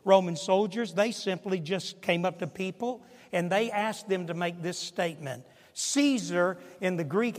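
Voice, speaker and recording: A pastor in his sixties preaching a sermon, swinging from hushed asides to shouted emphasis. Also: high voice, a little slow, hardly any pauses. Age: 60s. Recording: long hall reverb.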